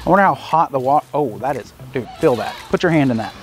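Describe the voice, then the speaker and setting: A man hosting a casual vlog outdoors on a farm, chatty and excitable, talking to the animals and the camera. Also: mid-range voice, fast talker. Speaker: vlog host. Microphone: handheld action camera.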